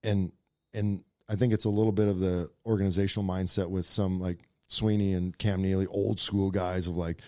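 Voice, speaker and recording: A man in his thirties from Minnesota, a podcast guest and former hockey player, telling stories in a relaxed, reflective way. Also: low-pitched, normal speed, dry recording, clean studio sound. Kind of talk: casual chat.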